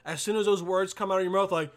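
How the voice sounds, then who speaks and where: A man's voice: high voice, steady tone, fast talker. A young man ranting casually and profanely, stumbling over repeated words and checking "all right?" after every point. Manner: stumbling repetitions.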